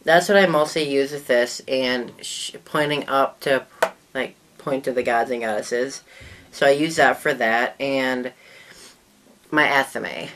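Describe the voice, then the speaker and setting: Woman with a really low voice rambling through a casual show-and-tell vlog, trails off a lot. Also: a little slow, fairly bright tone. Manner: chatty and rambling, often trailing off. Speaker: vlogger.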